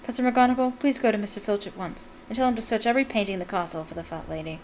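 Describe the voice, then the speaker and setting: A woman voicing a calm, composed old male headmaster who speaks quietly and evenly. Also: medium pitch, very fast, slight background noise, close to an everyday voice.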